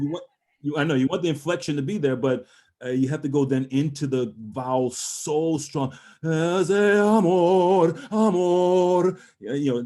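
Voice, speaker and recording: A man's voice: mid-range voice, warm tone. A middle-aged man teaching an online voice master class over a video call, encouraging and talking through phrasing with short sung examples.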